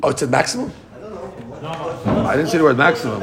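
A man teaches a Talmud class, reading Aramaic lines and explaining them in English, animated, with his voice jumping up when he acts out the speakers. His pitch is fairly high, his speed normal, and crowd noise is audible.

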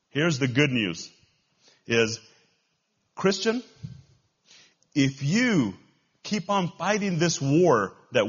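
A man with a Texan accent preaching a sermon as pastor, swinging between loud rises and quiet drops. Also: on the high side, slightly rough, lo-fi sound. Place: church.

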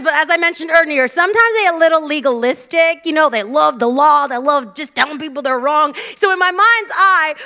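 A woman preaching a sermon as a guest speaker, animated and joking as she tells stories. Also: very high-pitched.

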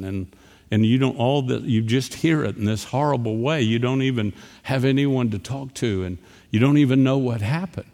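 A man preaching a sermon, telling a personal story and moving between quiet, hushed passages and emphatic ones. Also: mid-range voice, moderate pace, big-room sound.

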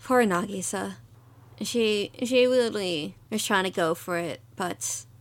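A young woman co-hosting a podcast, speaking at a medium pitch. She is chatty and easygoing, and she walks through episode scenes in a relaxed, conversational way. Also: a little slow. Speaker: podcast co-host. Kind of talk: casual anime recap chat.

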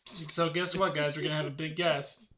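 A man's voice: a little high, steady tone, normal speed, pushed and bright. A man co-hosting a podcast in casual chat, joking and laughing often. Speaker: podcast co-host.

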